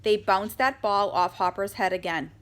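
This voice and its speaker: A woman's voice: medium pitch, moderate pace. Woman reading a children's storybook aloud. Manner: lively, voices a young girl's first-person narration. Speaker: audiobook reader. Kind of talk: children's audiobook narration with character voices.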